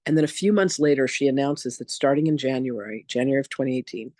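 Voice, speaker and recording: A man and reverend teaching in an online masterclass, telling personal stories in a candid, animated, casual way. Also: mid-range voice, fast, dry recording, clean studio sound. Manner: animated, acts out quoted voices, casual and candid.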